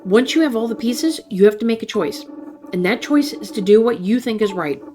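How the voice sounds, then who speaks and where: A woman's voice: a little high, lively intonation, fairly quick, dark tone, a little hiss or hum, lightly acted. A woman voicing a doting grandmother who talks tenderly and coaxingly, calling her grandson baby and child, while reading interactive fiction aloud. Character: doting, folksy grandmother on a nightly phone call.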